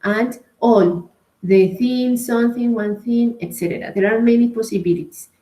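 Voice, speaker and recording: A woman's voice: on the high side, moderate pace, dark tone. A woman with a Colombian Spanish accent teaching an English grammar class, explaining patiently and checking in with "right?" and "okay?". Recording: echoey room.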